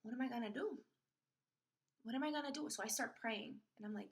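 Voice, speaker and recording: A young woman hosting a podcast, telling a personal story in an animated way and acting out the voices of others in it. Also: on the high side, a little fast. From Florida. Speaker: podcast host.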